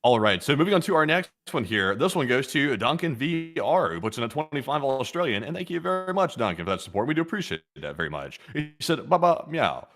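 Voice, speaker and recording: A man's voice: mid-range voice, big pitch swings, fast, few pauses, fairly bright tone, faint music behind. A man co-hosting a livestream who reads viewer messages aloud and riffs in mock-serious narration. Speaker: co-host reading viewer messages. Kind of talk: reading donations and riffing.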